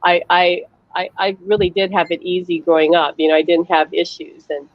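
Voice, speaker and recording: A woman's voice: fairly low pitch, little pitch movement, moderate pace, no echo, dull audio. A woman psychic medium hosting a casual live-stream conversation, telling stories animatedly and laughing often. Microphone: video call.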